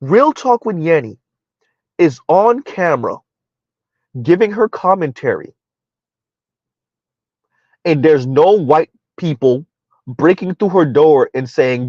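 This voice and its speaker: A man's voice: a little high, lively intonation, slow, long pauses, a little mellow, no echo. Rambling man with a dull, dry sound. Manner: rambling, with many fillers and laughs. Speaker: commentary channel host. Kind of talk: casual live-stream commentary.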